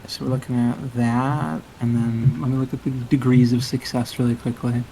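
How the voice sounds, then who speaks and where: A man playing a tabletop game, describing his character's actions and thinking aloud over his rolls in a deliberate way. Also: mid-range voice, little pitch movement, gravelly, warm tone, a little hiss or hum, low-quality recording. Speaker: player. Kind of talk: casual tabletop role-play.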